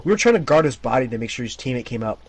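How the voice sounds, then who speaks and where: A man hosting his own channel, casually telling an animated story about an online shooter match, chuckling and restarting his sentences. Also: mid-range voice, rapid-fire. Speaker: channel host.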